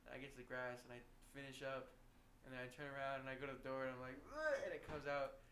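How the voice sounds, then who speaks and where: A young man chatting with his brother on a podcast, loudly retelling a drunken story. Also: medium pitch, monotone, fast. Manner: loud, laughing retelling of drunk stories. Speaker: podcast co-host, host's brother. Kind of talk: casual chat. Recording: echoey room with background noise.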